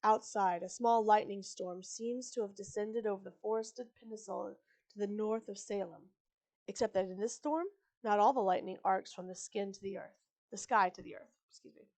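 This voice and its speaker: A woman's voice: medium pitch, normal speed, a little mellow. A woman reads a story aloud on a live stream, breaking off often for casual asides. She is chatty and digressive, stumbling on words and correcting herself as she goes. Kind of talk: reading a book aloud with casual commentary.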